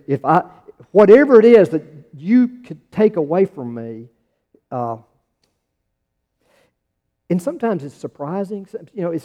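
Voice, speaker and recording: A man's voice: on the high side, dark tone. A man with an American accent preaching a conversational sermon as pastor, restarting phrases and pressing his questions harder. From United States. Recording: dull sound in a large reverberant hall.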